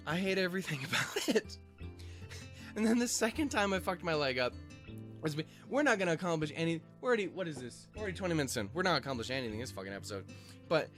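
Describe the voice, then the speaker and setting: A man's voice: fairly high pitch, a bit bright. A young man casually telling a long story, profane and self-mocking, rambling with lots of filler. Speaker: host reading a visual novel.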